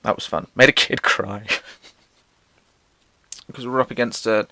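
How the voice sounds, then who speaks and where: A man's voice: lowish voice, fairly even intonation, takes it slowly, pushed and bright. A young man from England with a posh English accent, telling school stories in a sardonic, sweary, theatrical way. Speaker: vlogger. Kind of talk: casual storytelling monologue.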